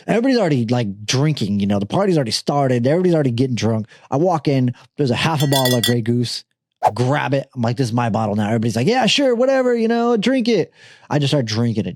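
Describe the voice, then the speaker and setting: A young man spins a wild party story on a podcast, swearing at every turn and breaking into laughter. His voice sits at a middling pitch and is recorded close and dry, and he pitches way up whenever he quotes someone. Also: no room sound. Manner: profane, laughing, animated storytelling; jumps to a high voice when quoting others. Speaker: podcast host. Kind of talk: casual storytelling.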